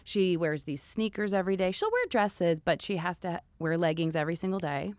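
A woman's voice: lowish voice, sing-song, fairly quick, a little mellow, dry recording. A woman in her thirties talking frankly as a podcast guest, blunt and swearing casually. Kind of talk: casual chat. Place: podcast studio. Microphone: studio microphone.

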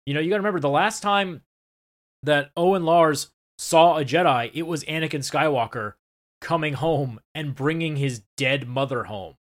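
A man co-hosting a casual podcast, recapping a show with animated, swearing retellings. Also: a little high, normal speed. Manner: animated, swearing, acts out scenes in quoted voices. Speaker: podcast co-host.

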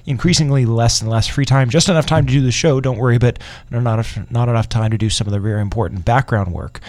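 A man's voice: mid-range voice, quick pace, darkish tone, no echo. A man hosting a radio show, talking in a rambling, sarcastic way with many restarts. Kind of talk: casual radio talk. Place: radio studio.

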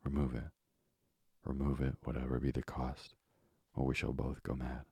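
A man in whispered role-play voicing a calm, firm, devoted young wife in a breathy whisper. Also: extremely low pitch, normal speed, dry recording, studio quality, exaggerated voice. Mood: firm hushed.

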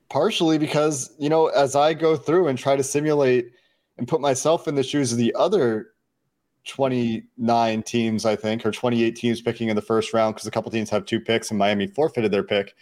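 A man co-hosts a sports podcast in relaxed chat, working through his reasoning out loud. He strings ideas into long lists and often restarts a phrase mid-thought. His voice sits at a plain middle pitch. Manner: analytical, long run-on lists, frequent restarts. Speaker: podcast co-host.

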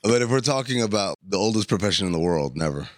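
A man co-hosting a podcast, telling stories in casual banter with animated asides. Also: on the low side, quick pace, dry recording, clean studio sound.

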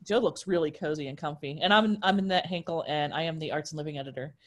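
A woman's voice: deep voice, fast talker. A woman hosting a casual podcast chat over a video call, chatty and laughing easily, with plenty of ums. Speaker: podcast host and arts editor.

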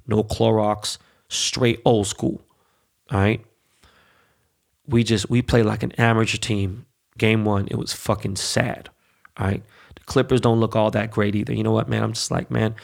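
A man's voice: medium pitch, vocal fry. A man ranting about sports in a casual, heated, profane way, full of streetwise slang. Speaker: sports commentator.

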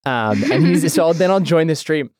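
A man's voice: a little high, expressive, normal speed, darkish tone, no room sound, studio quality. A man hosting a podcast in casual chat, rambling and joking, with lots of fillers. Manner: rambling, full of fillers and jokes. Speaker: podcast host.

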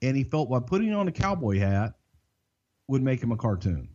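An older man with a Southern American accent, co-hosting a podcast and telling behind-the-scenes stories in a folksy, drawn-out way. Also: medium pitch, big pitch swings, darkish tone, dull audio. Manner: folksy, drawn-out, swears casually. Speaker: podcast co-host. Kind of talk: casual storytelling.

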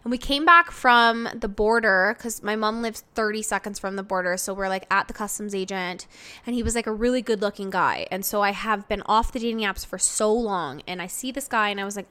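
A woman's voice: medium pitch, fairly quick, sharp tone, clear, resonant tone. A woman in her thirties hosting a podcast, chatting casually in a rambling way full of "like". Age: 30s. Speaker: podcast host. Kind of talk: casual chat.

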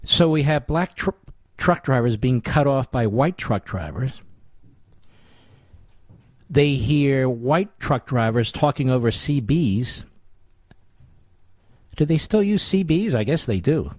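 A man's voice: medium pitch, animated, slow pace, long pauses, no echo. A middle-aged man hosting a talk radio show, delivering a combative, sarcastic monologue full of rhetorical questions.

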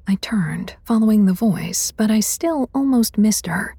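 Slow, husky woman narrator. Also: medium pitch, animated, mellow, dry recording, studio quality. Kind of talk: first-person scripted fantasy narration.

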